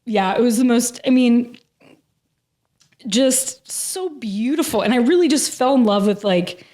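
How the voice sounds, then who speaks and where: A woman's voice: on the high side, lively intonation, a little slow, warm tone. Earnest woman sharing a personal story. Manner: earnest and emotional, heavy use of "like". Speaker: podcast guest. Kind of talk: casual interview storytelling.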